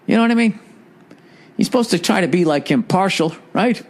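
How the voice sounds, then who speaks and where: A man's voice: high voice, lively intonation, a little fast. A man hosting a podcast alone, ranting in a profane, sarcastic, rambling way. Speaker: podcast host. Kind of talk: solo ranting monologue.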